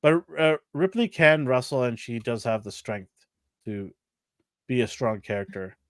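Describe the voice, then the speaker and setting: A man's voice: medium pitch, expressive, unhurried, no echo, clean studio sound. A man co-hosting a casual chat show, rambling, repeating himself and laughing often. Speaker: co-host.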